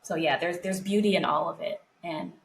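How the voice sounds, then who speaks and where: A woman's voice: fairly low pitch, moderate pace, slight background noise, rough recording. A woman co-hosting a podcast, speaking in a heartfelt, reflective way and touching on her faith. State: close to tears. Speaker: podcast co-host. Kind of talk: casual podcast conversation.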